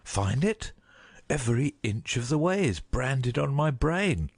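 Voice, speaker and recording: A man playing an anguished, husky huntsman. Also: medium pitch, sing-song, exaggerated voice. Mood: worried. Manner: slow, heavy, pleading delivery. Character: anguished loyal huntsman torn by duty.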